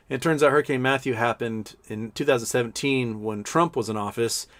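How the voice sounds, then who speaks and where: A man's voice: medium pitch, a bit bright. A man hosting a live stream in casual, sarcastic commentary, rambling with frequent restarts and mocking put-on voices.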